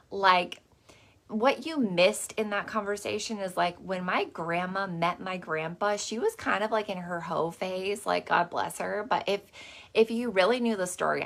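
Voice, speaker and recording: Gravelly-voiced, chatty woman coach. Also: medium pitch, sharp tone. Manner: casual, chatty, salty, lots of "like" and "okay". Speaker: host. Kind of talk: motivational masterclass talk.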